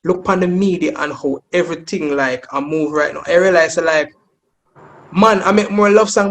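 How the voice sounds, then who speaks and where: High-voiced Jamaican man, lively debate. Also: moderate pace. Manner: animated, sings snatches of songs to make points. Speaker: podcast co-host. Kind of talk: casual debate chat.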